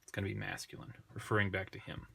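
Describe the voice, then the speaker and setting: A man with a fairly low voice talks through a language lesson at an unhurried pace. He thinks aloud, pauses over his words and corrects himself now and then. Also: monotone, vocal fry, a bit bright, slightly rough. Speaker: Greek tutor. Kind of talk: unscripted screen lesson.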